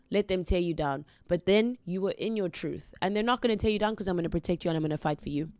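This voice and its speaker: A woman's voice: on the low side, no room sound. Earnest woman with a dry close voice. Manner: slow, earnest, gently encouraging. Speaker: podcast host. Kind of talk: reflective heartfelt monologue.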